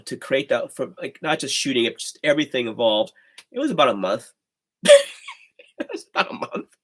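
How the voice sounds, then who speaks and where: A man's voice: mid-range voice, fairly bright tone. A man hosting a livestream, talking casually in a rambling, chatty way with sighs and laughs. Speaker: host of a livestream.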